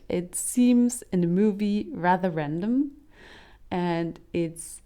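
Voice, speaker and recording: A woman's voice: lowish voice, warm tone. A woman giving a casual comedic film review, chatty and full of um's, restarts and laughs. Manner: chatty, frequent um's and self-restarts, laughs while talking.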